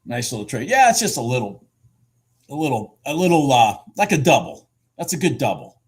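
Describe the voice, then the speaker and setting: A man giving casual live commentary on his futures trades, excitable and swearing freely as he talks to himself and his viewers. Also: medium pitch, normal speed, breathy edge.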